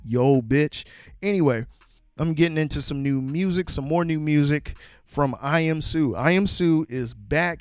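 A man's voice: medium pitch, no room sound. A young man hosting a solo podcast, ranting in a profane, exasperated, emphatic way. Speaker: podcast host.

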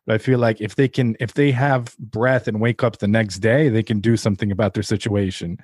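Measured, lower-voiced podcast host. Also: male voice, fairly even intonation, a little mellow, husky, dry recording, clean studio sound. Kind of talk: reflective conversation.

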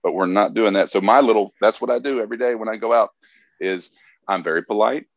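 A man's voice: lowish voice, fast, vocal fry, dry recording, dull audio. A man chatting casually on a podcast, earnestly retelling stories with quoted dialogue. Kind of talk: casual chat.

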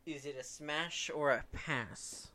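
A man's voice: fairly high pitch, slow pace, pushed and bright. A teenage boy co-hosting a podcast, chatting casually and laughing often as he tells stories. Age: teens. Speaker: podcast co-host. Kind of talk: casual chat.

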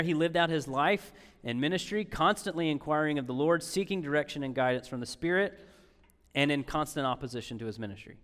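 Emphatic man preaching in a reverberant hall. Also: mid-range voice. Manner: conversational, emphatic, with repeated phrases and sarcastic asides. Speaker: pastor. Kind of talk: sermon.

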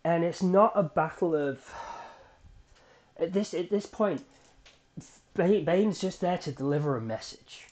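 A man hosting a solo fan podcast, recapping a TV episode in an excitable, animated storytelling way with frequent restarts. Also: on the high side, measured pace, long pauses. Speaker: podcast host.

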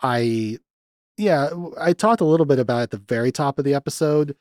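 A man hosting a podcast, chatting loosely about a movie with lots of restarts and animated asides. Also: mid-range voice, a little fast, dry recording, studio quality. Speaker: podcast host. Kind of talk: casual film discussion.

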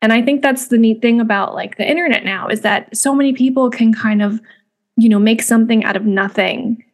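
A woman's voice: fairly high pitch, a little fast. A young woman hosting a music podcast, talking casually with lots of fillers and restarts. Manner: chatty, many fillers and restarts. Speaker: podcast host. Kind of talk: casual spoken commentary.

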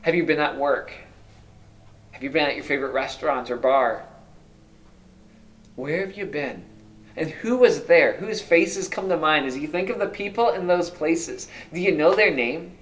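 A male pastor preaching a sermon, asking many rhetorical questions and moving between loud emphasis and hushed, quiet lines. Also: fairly high pitch, moderate pace.

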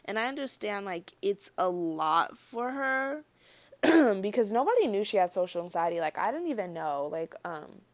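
A woman's voice: medium pitch, sing-song, normal speed. A young woman vlogging in a chatty commentary style, with lots of fillers, speaking straight to her viewers. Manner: chatty, filler-heavy, addresses viewers as y'all. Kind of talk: casual commentary vlog.

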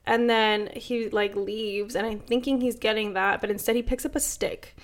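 A woman's voice: a little high, normal speed, few pauses. Swearing woman telling a story. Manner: animated storytelling, heavy swearing and fillers. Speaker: podcast co-host. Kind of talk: casual chat.

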